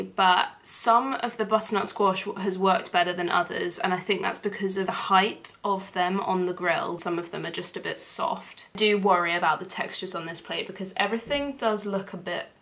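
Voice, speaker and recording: A young woman with a London accent, chatting casually to camera in a cooking vlog, animated and full of quick asides. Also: medium pitch. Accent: London English. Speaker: vlogger.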